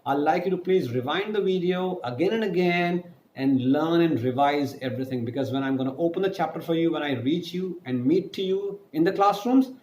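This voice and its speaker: A man's voice: fairly high pitch, fairly quick, few pauses, darkish tone. Man teaching with echo. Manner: explanatory, spells words letter by letter, asks and answers own questions. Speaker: online French teacher. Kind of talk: recorded online lesson. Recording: echoey room with faint noise.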